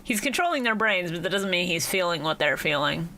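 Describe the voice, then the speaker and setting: A woman's voice: on the low side, lively intonation, fairly quick, bright, forceful tone, slight background noise. A woman co-hosting a podcast in casual chat, swearing freely and acting out quotes. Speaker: podcast co-host.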